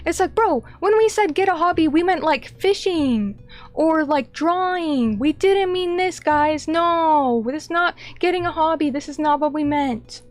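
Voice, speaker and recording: A woman streamer chatting casually with her viewers, excitable and gushing, breaking into rants. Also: high-pitched, unhurried, faint music behind. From United States. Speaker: vtuber streamer. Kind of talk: casual chat reading viewer comments.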